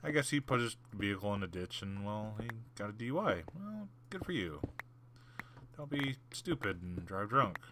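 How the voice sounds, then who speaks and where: A man with a lowish voice talks casually over gameplay as a gaming channel host, rambling through a story with plenty of fillers and restarts. He sometimes drops into muttered whispered asides. A clear background hiss runs under the recording. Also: big pitch swings, normal speed, pushed and bright.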